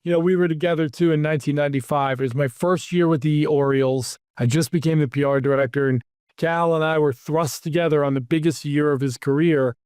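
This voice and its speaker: A man hosting an interview, telling lively anecdotes about his PR career and acting out the quotes. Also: on the high side, brisk, clean tone, no room sound, clean studio sound. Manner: animated anecdotes, acts out quotes. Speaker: podcast host, PR executive. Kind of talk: casual storytelling interview.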